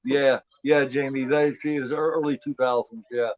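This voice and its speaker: A man's voice: mid-range voice, steady tone, moderate pace, dry recording. Rambling fifty-year-old man, lo-fi. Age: 50s. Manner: rambling, repeats words, says "man" and "you know what I mean". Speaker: host. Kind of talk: casual movie commentary. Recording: dull lo-fi sound.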